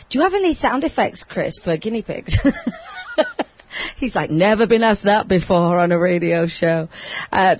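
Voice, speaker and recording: A woman hosting a casual radio chat, chatty and teasing, in a radio studio. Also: low voice. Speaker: radio host.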